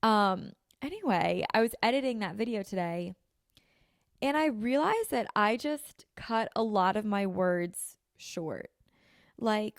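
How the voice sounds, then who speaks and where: A woman's voice: on the high side, lively intonation, unhurried, no room sound, studio quality. A young American woman from the Philadelphia suburbs, hosting a podcast in casual chat and filling her speech with "like", a little sniffly. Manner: chatty, filler-heavy, says "like" constantly. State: sniffly, slightly runny nose. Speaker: podcast host. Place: apartment room. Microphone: podcast mic with video.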